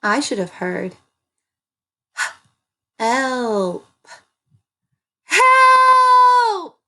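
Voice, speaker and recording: Woman teacher sounding out words for little kids, super slow, pitch bouncing all over. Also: very animated. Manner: slow, clearly sounding out words for young children. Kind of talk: early reading lesson.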